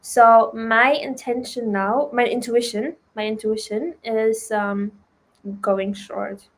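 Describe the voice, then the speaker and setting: Woman, german accent, non-native english speaker, casual live-stream teacher, chatty, filler-heavy, slightly high voice. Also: steady tone, takes it slowly. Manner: chatty, fillers and "right?" tags. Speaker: trading stream host.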